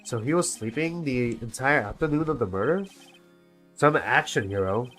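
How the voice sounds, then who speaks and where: A wry young lawyer, dry and low-key, in a near-natural voice, as a man with a sore throat reads him. A game voiceover with lively swings. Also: normal speed, soft background music, natural voice.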